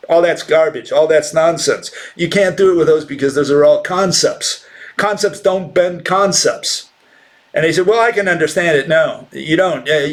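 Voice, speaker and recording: A man giving an informal science lecture, blunt and dismissive of rival ideas, asking rhetorical questions and often restarting with fillers. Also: fairly high pitch. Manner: halting, many fillers and restarts.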